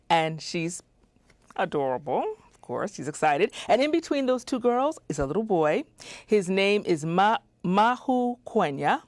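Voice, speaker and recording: A woman hosting a community TV show, reading a scripted introduction with excited asides off script. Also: fairly low pitch, no echo. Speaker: host.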